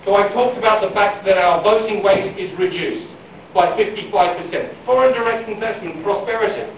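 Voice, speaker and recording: A middle-aged man with a high voice speaks at a normal speed, giving a fervent political speech at a public forum as a campaign speaker and repeating questions and phrases for emphasis. A power failure has hit the large public hall, and the far-off recording carries heavy echo and faint noise.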